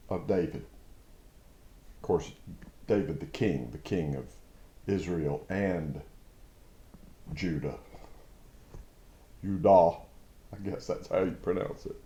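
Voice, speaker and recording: A man giving a reflective devotional Bible teaching, slow and thoughtful with sudden emphatic bursts. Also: lowish voice, warm tone, reverberant. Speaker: preacher.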